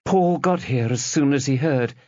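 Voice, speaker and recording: A man voicing a worried young wife lying in a hospital bed, tired and sharp, in a dull lo-fi recording. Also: mid-range voice, moderate pace, dry recording, voice pushed up, close to an everyday voice. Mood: weary.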